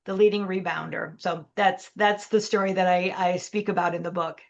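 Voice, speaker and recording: A woman's voice: on the low side, normal speed. Middle-aged woman telling a story on a podcast, acts out the dialogue, kinda muffled audio. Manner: animated storyteller acting out dialogue. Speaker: guest, leadership coach. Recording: dull lo-fi audio.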